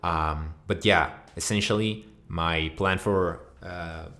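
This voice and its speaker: Man, very low voice, crude swearing rant, mock outrage, rambling. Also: steady tone, slow pace, bright, forceful tone. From Mexico. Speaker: video host. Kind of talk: profane comedic rant.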